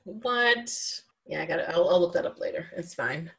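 A woman co-hosting a casual movie chat, talkative and laughing often, dropping into quiet asides. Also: on the low side, expressive, moderate pace, vocal fry. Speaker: podcast co-host.

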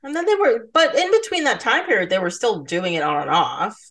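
A woman's voice: fairly high pitch, lively intonation, brisk, a bit bright. A woman guest on a podcast, talking in an easygoing, matter-of-fact way in a casual movie chat.

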